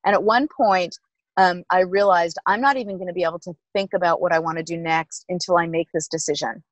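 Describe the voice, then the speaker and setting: A middle-aged woman, a former team executive, telling stories in an emphatic, lively interview manner. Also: fairly low pitch, a little fast, no room sound, muffled recording. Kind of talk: animated interview storytelling.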